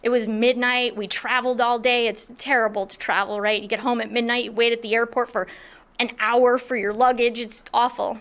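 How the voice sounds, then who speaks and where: A middle-aged woman telling a personal story in a lively, self-mocking way, acting out what others were thinking. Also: fairly high pitch, fairly quick. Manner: animated, self-mocking, acts out others' thoughts.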